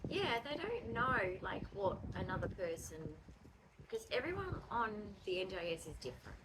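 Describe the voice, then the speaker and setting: Soft-spoken Australian woman vlogger. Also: medium pitch, sing-song, normal speed. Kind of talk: casual chat. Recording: noisy home recording.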